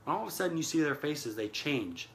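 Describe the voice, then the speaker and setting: Bright, earnest motivational male speaker. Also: on the high side, sing-song, fast, gravelly, slight background noise. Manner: earnest, addresses listeners as guys, repeats phrases for emphasis. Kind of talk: motivational talk retelling a film scene.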